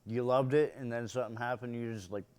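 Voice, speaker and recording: A man's voice: medium pitch, steady tone, quick pace, darkish tone, clear, resonant tone. Laid-back man from Western Pennsylvania. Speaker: co-host. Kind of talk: casual chat.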